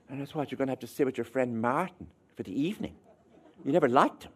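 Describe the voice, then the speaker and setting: A man with an Irish accent giving a public lecture as an author, telling wry, halting stories. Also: mid-range voice, breathy edge. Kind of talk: anecdotal lecture.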